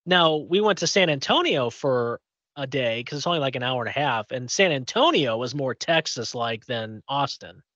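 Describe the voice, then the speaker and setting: A man's voice: medium pitch, lively intonation, normal speed, sharp tone, no room sound, muffled recording. A man from Indiana co-hosting a podcast, chatting casually and telling a long story with many fillers and restarts. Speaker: podcast co-host. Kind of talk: casual chat.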